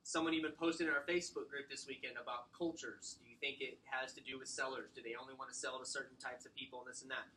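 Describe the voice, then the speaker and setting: A man giving a casual sales training talk, animated and acting out client exchanges. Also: medium pitch, quick pace, hardly any pauses, slight background noise, poor audio. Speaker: real estate sales trainer.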